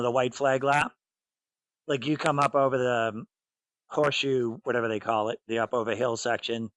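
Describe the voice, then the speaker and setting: A man's voice: medium pitch, a bit bright, no room sound, low-quality recording. A man in his fifties with a Boston accent, a former racer telling stories bluntly in a casual interview. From New England, south of Boston. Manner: blunt, storytelling, acts out voices in anecdotes. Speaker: former racer and team owner.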